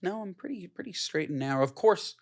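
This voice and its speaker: A man's voice: high-pitched, animated, a little fast, vocal fry. A man co-hosting a podcast, chatting casually and enthusiastically, often repeating short agreements. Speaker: podcast co-host. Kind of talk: casual chat.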